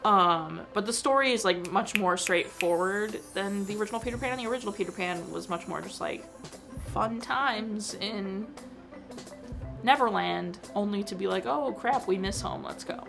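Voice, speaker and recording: A young woman who reviews movies on her vlog chats casually about a film she saw, filling her talk with fillers and emotional asides. Her voice is medium-pitched and gravelly, her pace moderate, with music playing underneath.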